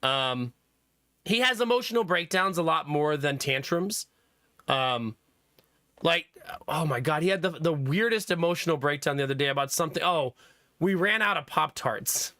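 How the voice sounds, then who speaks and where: A young streamer dad tells stories to his chat in a high, bright voice. He is animated and laughs often. The sound is dry and close, with no room echo. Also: normal speed. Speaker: streamer and father. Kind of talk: casual chat with stream viewers.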